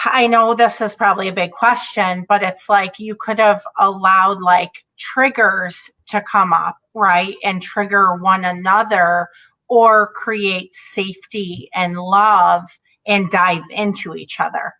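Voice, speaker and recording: A woman's voice: medium pitch, bright, forceful tone. A woman hosting an interview, affirming her guest and asking questions hesitantly. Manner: affirming, asks questions haltingly with fillers. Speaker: host. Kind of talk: podcast interview.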